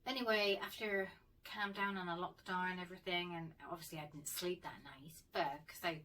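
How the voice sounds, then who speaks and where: A woman's voice: lowish voice, steady tone, brisk, sharp tone, distant mic, slight background noise, low-quality recording. A woman vlogger telling a personal story in a casual, chatty way, swearing freely and laughing often. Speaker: paranormal vlogger.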